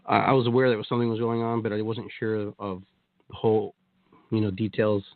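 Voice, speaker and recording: A man's voice: fairly low pitch, dry recording. A man telling his story as a guest on a talk show, rambling with many restarts and quoted asides. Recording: tinny phone-like line, dry.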